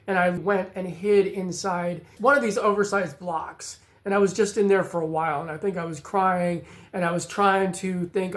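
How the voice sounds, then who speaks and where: An adult man vlogging, telling a personal story in a reflective, halting way, often pausing on "you know". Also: high voice, fairly even intonation, fairly bright tone.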